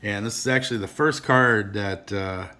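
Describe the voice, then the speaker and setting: A man's voice: on the low side, normal speed, pushed and bright. A middle-aged man chatting casually to camera about his collection, rambling and earnest with many restarts. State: emotional, teary. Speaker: card collector vlogger.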